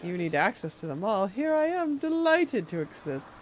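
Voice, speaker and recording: A woman's voice: mid-range voice, big pitch swings, normal speed, slight background noise, natural voice. A woman reading as a creepy old man. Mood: menacing. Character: creepy older man, unsettling self-appointed guardian. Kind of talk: reading game dialogue aloud.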